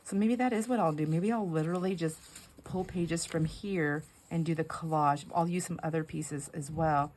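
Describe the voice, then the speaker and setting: This is a middle-aged woman's deep, slightly mellow voice at a moderate pace, with a little hiss or hum behind it. She's hosting a home craft video, chatting and rambling as she works, laughing frequently and occasionally whispering.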